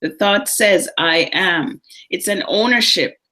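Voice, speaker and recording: A middle-aged woman co-hosting a psychic talk show. Her voice is bright and ringing, and she tells personal stories with animated, acted-out moments. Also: lowish voice, takes it slowly. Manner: storytelling, animated, acts out voices in anecdotes. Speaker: psychic co-host. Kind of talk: casual chat on a live show.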